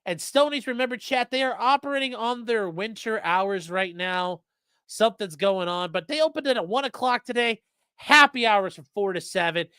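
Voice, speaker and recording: A man with a slightly higher, bright, forceful voice banters through his sponsor reads with a deadpan, sarcastic streak. His close mic gives a dry, dead-sounding recording with no room around him. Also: clean tone, dry recording. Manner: sarcastic, rambling, deadpan jokes addressed to chat. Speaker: podcast co-host reading sponsor spots. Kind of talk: casual livestream chat, joking ad reads.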